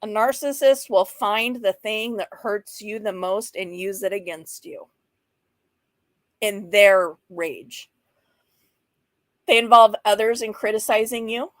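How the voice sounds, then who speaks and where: A woman in her fifties hosts a mental health livestream, a casual talk where she goes through slides. Her mid-range voice is recorded with no echo. She's frank and chatty, often breaking into laughter and playful asides.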